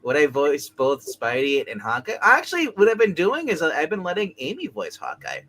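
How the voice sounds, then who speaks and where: A man's voice: on the high side, huge pitch swings, normal speed, background noise. A man on a casual comics panel who gushes about the cover playfully and enthusiastically. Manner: playful, enthusiastic, laughs often.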